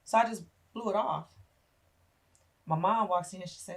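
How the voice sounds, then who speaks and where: A woman's voice: mid-range voice, normal speed, vocal fry. A middle-aged woman, a podcast guest, telling a painful personal story with emotion and acting out the voices of family members.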